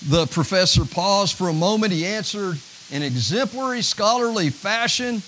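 A male pastor preaching a sermon, with a preacher's rhythm that rises to shouts and drops to near-whispers. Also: high-pitched, expressive, moderate pace, few pauses, a little hiss or hum, low-quality recording.

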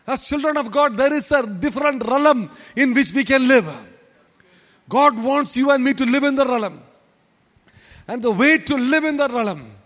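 A man's voice: very high voice, a bit bright, in a large hall. A man preaching a sermon as pastor, emphatic and repetitive, with many rhetorical questions. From India.

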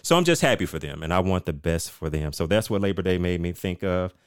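A middle-aged man with a very low voice hosts his own podcast. He rants with animated, emphatic storytelling, swearing freely. The sound is dry and close to the mic. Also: fairly quick, clear, resonant tone, no room sound. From United States. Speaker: podcast host. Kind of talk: casual rant monologue.

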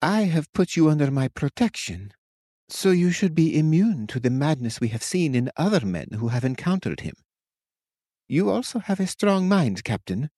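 A man performs a commanding female witch for an audiobook character voice, raising his pitch above his natural range and acting it lightly with cold certainty. His mid-range voice moves at a moderate pace and sounds a little mellow. The recording is clean studio audio with no room sound.

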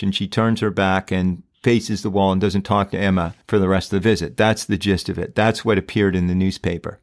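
A man with a somewhat low voice hosts a true crime podcast. He talks emphatically and keeps firing off pointed rhetorical questions. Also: steady tone, moderate pace, hardly any pauses. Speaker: podcast host.

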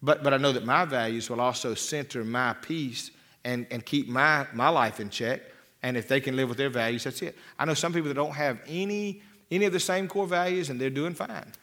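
A man's voice: medium pitch, brisk, fairly bright tone. A man preaching a sermon as a pastor, folksy and rambling, with frequent restarts and repeated words. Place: church.

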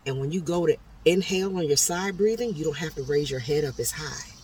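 A woman voicing a gentle former swim teacher, polite and hesitant at first, then encouraging. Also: deep voice, lively intonation, brisk, low-quality recording. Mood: coaching.

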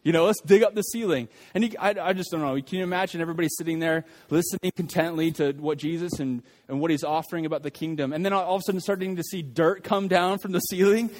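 Male preacher, sermon delivery, slightly high voice, animated, acts out the people in the story, frequent restarts. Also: quick pace, few pauses. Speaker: pastor.

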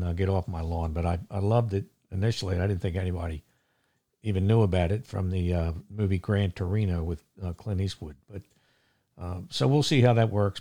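A man hosting his own podcast, telling a grievance story in a gruff, indignant way with lots of fillers. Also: lowish voice, a little mellow. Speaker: podcast host. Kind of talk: casual monologue. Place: seaside town home.

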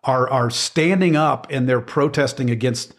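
A man's voice: mid-range voice, moderate pace. Middle-aged man, plain mid-range voice, earnest conversational Bible teacher, emphatic with frequent restarts. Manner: earnest, emphatic, repeats words while searching for phrasing.

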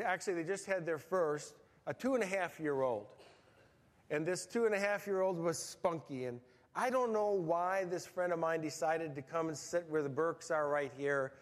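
A middle-aged male pastor preaching a sermon in a church, folksy and humorous, telling stories with animation. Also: on the high side. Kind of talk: sermon with storytelling. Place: church sanctuary. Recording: church hall reverb.

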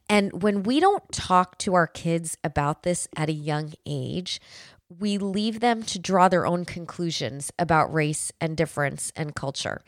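Earnest woman podcaster, lowish dry voice. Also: no echo. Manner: earnest storytelling with frequent restarts. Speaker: podcast host. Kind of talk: casual podcast monologue.

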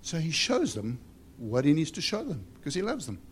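A man's voice: fairly high pitch, wildly swooping pitch, fairly quick, slight background noise. A man preaching a sermon in a conversational way, building to emphatic repeated lines. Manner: conversational with emphatic rising refrains.

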